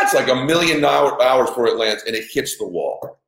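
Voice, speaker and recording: A middle-aged father telling a personal story in an emphatic way. He swears, acts out the dialogue and breaks into shouts at the high points. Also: lively intonation, fairly quick. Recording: echoey room.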